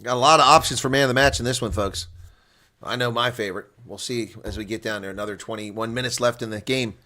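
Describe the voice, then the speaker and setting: A man giving live reaction commentary on a rugby match, chatting to viewers and getting loudly excited on big plays. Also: mid-range voice, fast talker. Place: home setup streaming a reaction broadcast.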